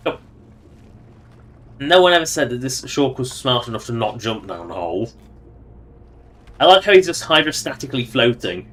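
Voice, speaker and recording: A man's voice: mid-range voice, sing-song, moderate pace, long pauses, a bit bright. A man giving casual, joking commentary while livestreaming a game and talking to its characters. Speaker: streamer.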